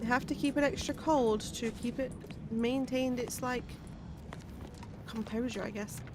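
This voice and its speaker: A woman's voice: a little high, fairly even intonation, measured pace, noisy background. Chatty woman streaming a game. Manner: chatty, musing aloud while eating. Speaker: gaming streamer. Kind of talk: casual gameplay chat.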